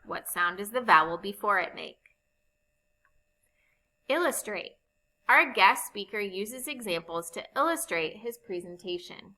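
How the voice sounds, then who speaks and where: A woman teaching a recorded phonics lesson, explaining spelling rules slowly and patiently. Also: medium pitch, lively intonation, sharp tone, rough recording. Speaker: reading teacher.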